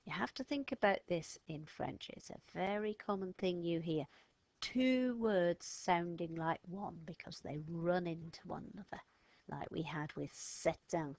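A woman, teaching a recorded French lesson to children, sounding words out slowly and patiently. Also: lowish voice, a little mellow, no room sound.

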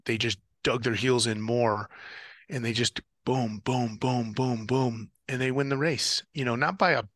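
A man's voice: medium pitch, measured pace, no echo, clean studio sound. A man telling stories from an ocean rowing race in a casual interview, acting out the voices and radio calls. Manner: animated storyteller, acts out radio calls. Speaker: guest, ocean rower and former Marine officer.

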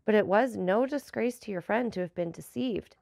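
A woman's voice: medium pitch, normal speed, creaky, a little mellow, dry recording, studio quality, close to an everyday voice. A woman reading the lines of a grateful, deferential bandit messenger in an audiobook, recounting events. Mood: deferential, telling. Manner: deferential, explaining.

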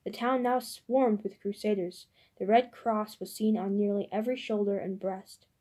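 Woman audiobook narrator, measured delivery, mellow dark tone. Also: medium pitch, steady tone. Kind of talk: audiobook reading.

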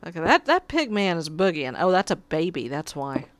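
A woman's voice: on the low side, big pitch swings, moderate pace. A woman giving casual gameplay commentary, muttering to herself and pleading with her cat at her desk. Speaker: gamer.

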